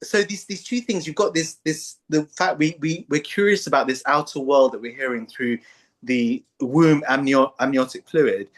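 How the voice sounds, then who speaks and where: A man's voice: mid-range voice, moderate pace. A man hosting a casual philosophical chat, talking in a playful way and putting on little voices when he tells stories. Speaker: podcast host.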